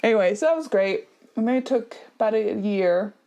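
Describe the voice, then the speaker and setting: A woman in her thirties, a podcast co-host telling stories in casual chat, animated, laughing often with quick asides. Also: mid-range voice.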